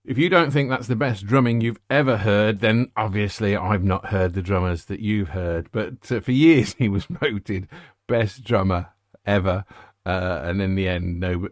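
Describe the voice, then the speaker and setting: Rambling, jokey music host. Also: male voice, deep voice, no room sound, clean studio sound. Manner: rambling, jokey, self-interrupting. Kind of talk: casual chat.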